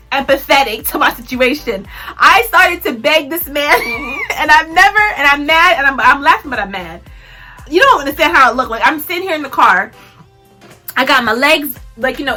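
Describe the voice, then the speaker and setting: A woman's voice: high voice, bright, forceful tone. A young woman telling a personal story in a casual storytime vlog, laughing often and acting out what people said. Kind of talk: casual storytime while tweezing.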